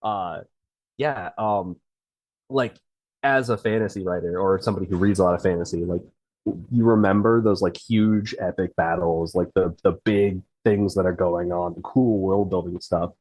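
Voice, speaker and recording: A man's voice: deep voice, normal speed, a little mellow, dry recording, rough recording. A man who writes fiction, a guest on a podcast, talking in a rambling way with many fillers. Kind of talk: casual interview chat.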